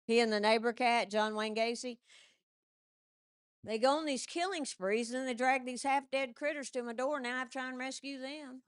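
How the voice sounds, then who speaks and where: A woman comedian telling animated stand-up stories into a stage mic and laughing at her own jokes. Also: high-pitched, normal speed, clear, resonant tone, no echo, studio quality.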